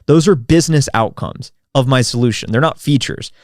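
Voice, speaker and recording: A man's voice: mid-range voice, brisk, darkish tone, no echo, studio quality. A man who is a sales expert, giving direct, step-by-step advice in an interview. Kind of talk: instructional interview answer.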